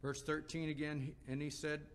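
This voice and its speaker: A man's voice: a little high, completely flat delivery, moderate pace, slight background noise. A man preaching a sermon, explaining scripture passages with quotes and rhetorical questions.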